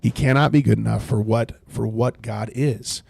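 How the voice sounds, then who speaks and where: A man's voice: medium pitch, fairly even intonation, normal speed, vocal fry, a little mellow, husky, dry recording. A man leading a livestreamed Bible study, earnestly reading scripture aloud and explaining it, now and then thanking viewers in chat.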